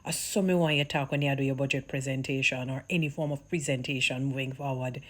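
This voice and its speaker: A woman from Jamaica with a Jamaican accent, chatting casually to her viewers, animated and laughing, slipping into Patois. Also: a bass voice, fast. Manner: animated, mixes Patois into chat, laughs often. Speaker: vlogger.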